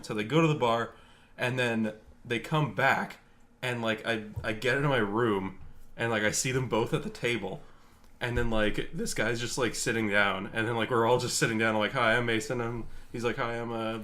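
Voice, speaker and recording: A man's voice: medium pitch, a little fast, fairly bright tone. Young man telling a rambling story. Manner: rambling, laid-back, crude storytelling. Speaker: podcast co-host. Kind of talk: casual storytelling chat.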